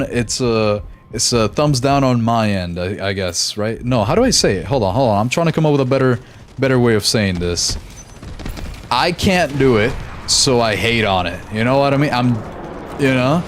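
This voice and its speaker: Young American male streamer, casual and laughing, mid-pitch, faint game gunfire behind. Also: lively intonation, moderate pace, slight background noise. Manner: laid-back, laughs often, reads chat aloud. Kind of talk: casual live-stream chat while gaming.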